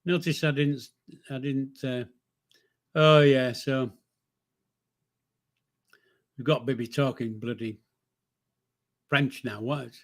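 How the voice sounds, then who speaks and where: Older bloke rambling thru a live chat, jokey, lots of ums, normal pitch. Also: male voice, steady tone, slow, long pauses. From northern England. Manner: chatty, rambling, jokey, with frequent fillers and self-corrections. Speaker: livestream host reading chat. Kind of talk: casual live-stream chat.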